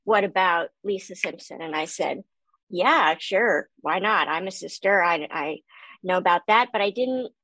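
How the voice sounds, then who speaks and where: A middle-aged woman who does voice acting talks in a casual interview. Her voice is high, youthful and nasal, and she tells lively, self-deprecating stories full of quick asides. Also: dry recording, low-quality recording. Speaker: voice actor guest.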